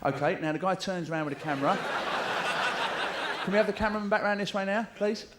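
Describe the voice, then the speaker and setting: A man with a London accent doing a live stand-up routine in a theatre, cheeky and full of swearing, often shouting out mimicked voices. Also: high voice, fast talker. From England. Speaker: stand-up comedian. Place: large theatre stage with audience. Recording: theatre show taped with audience noise.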